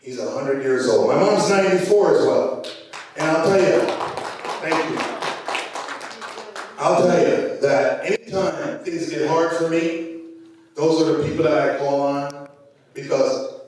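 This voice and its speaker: A man's voice: fairly high pitch, a little mellow, recorded from a distance. A man with a Jamaican accent giving a conversational motivational speech at a conference, with many fillers and repeated words. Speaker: conference speaker. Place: large conference hall. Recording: very echoey hall, voice from afar.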